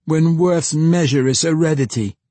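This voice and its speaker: Casting: a man doing a self-pitying young would-be poet, theatrical and declaiming, husky, dry close sound. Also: mid-range voice, moderate pace, warm tone, dry recording, pitched above the performer's own voice, close to an everyday voice. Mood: angry.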